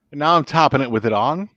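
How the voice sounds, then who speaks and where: A man's voice: medium pitch, dull audio, very noisy. A man hosting a casual livestream, reading viewer comments aloud and teasing playfully. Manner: playful, teasing, lively delivery. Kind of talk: casual live chat.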